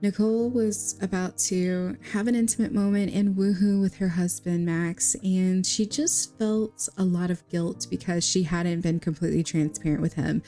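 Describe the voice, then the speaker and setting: Young woman game creator, chatty and giggly, mellow warm tone, casual commentary. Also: lowish voice, fairly even intonation, normal speed, few pauses, faint music behind. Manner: chatty, giggly, addresses viewers. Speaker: gaming video creator.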